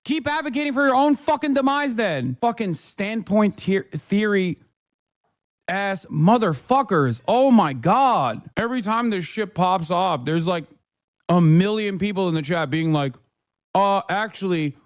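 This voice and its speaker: A man's voice: sits high, lively intonation, a little slow, no echo, clean studio sound. A man livestreaming, ranting heatedly at his chat and swearing constantly.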